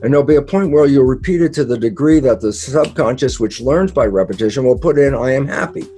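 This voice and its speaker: An older man speaks in a mellow, relaxed voice, telling stories with lots of animation and acting out the lines of quoted dialogue. He swears casually as he talks. Faint music plays softly underneath. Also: mid-range voice, fast. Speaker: guest speaker. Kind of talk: animated interview talk.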